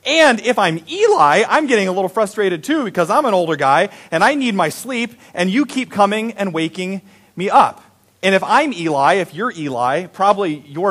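A man's voice: a little high, lively intonation, normal speed, a bit bright. A male pastor giving a sermon in a conversational, playful storytelling manner.

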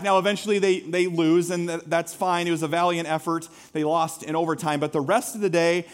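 Male pastor, higher-pitched voice, animated conversational sermon with self-mocking humor. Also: brisk, few pauses. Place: church sanctuary.

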